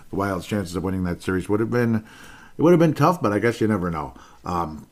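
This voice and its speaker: A man hosting a solo sports podcast, rambling and excitable, often repeating himself. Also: fairly low pitch.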